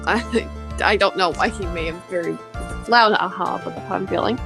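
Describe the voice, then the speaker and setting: A woman's voice: mid-range voice, moderate pace, vocal fry, over music. A young woman from Canada chatting casually on a game stream, often laughing at herself and filling her speech with "like". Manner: laughing, self-deprecating, lots of "like".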